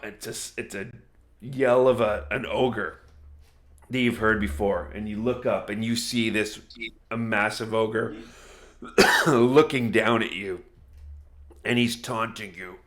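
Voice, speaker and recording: A man acting as game master narrates a tabletop game in a chatty way, laughing easily and slowing down for dramatic moments. His voice is lowish and a bit bright.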